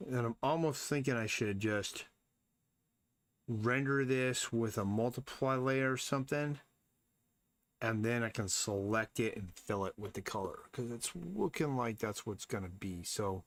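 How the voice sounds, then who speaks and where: A man's voice: mid-range voice, measured pace. A man casually chatting on a live stream while he draws, blunt and rambling, often talking to himself about his work. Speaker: artist streaming a drawing session.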